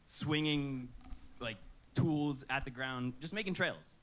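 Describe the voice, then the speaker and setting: A comedian in his twenties answers questions as a guest in a casual stage interview, laid-back and giggly with a stoner drawl, nervous laughs, and lots of "dude." His medium-pitched, slightly bright voice moves slowly, with a little hiss or hum in the background.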